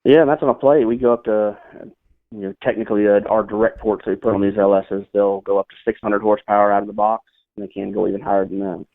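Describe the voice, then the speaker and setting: A man's voice: lowish voice, steady tone, fast talker, no room sound. A man calling in as a guest from a parts company, talking in an easygoing, friendly way with lots of fillers. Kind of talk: casual phone interview. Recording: tinny phone line.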